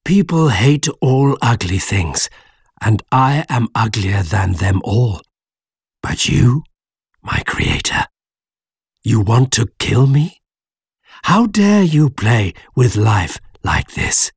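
A man voicing a huge, lonely male monster who pleads slowly and menacingly in an audiobook reading, with a husky, gravelly voice. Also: medium pitch, big pitch swings, dry recording, studio quality, heavily acted. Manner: slow, drawn-out pleading delivery. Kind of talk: audiobook character voice.

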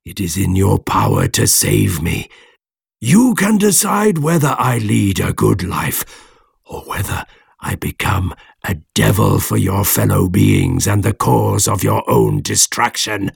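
A man voicing a huge, lonely male monster who pleads slowly and menacingly in an audiobook reading, with a husky, gravelly voice. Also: fairly low pitch, big pitch swings, no echo, clean studio sound, exaggerated voice. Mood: pleading. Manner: slow, drawn-out pleading delivery. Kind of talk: audiobook character voice.

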